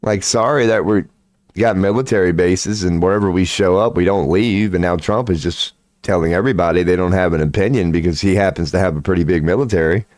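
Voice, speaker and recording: A man's voice: low voice, a little fast, a little mellow, no echo, clean studio sound. A man hosting a livestream, rambling casually in a profane, sarcastic way with a loose slangy drawl. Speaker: livestream host.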